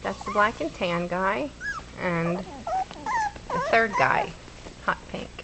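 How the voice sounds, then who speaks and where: Here the puppy owner's mid-range voice swoops wildly in pitch as she speaks slowly, cooing and baby-talking at the litter she's filming. It's a casual home video on a camera mic, with loud noise in the background.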